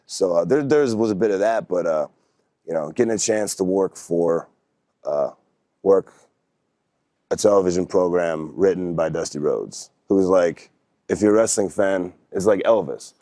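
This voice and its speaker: A young man talks in a very deep, unhurried voice, recorded close and dry with no room sound. He tells stories as a guest in a loose, rambling way, full of fillers and restarts. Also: mellow, no echo. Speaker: podcast guest. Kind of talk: casual storytelling.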